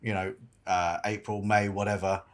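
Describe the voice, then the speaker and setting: Enthusiastic podcast host. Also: male voice, fairly low pitch, little pitch movement, normal speed. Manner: enthusiastic, candid and joking. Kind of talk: casual chat.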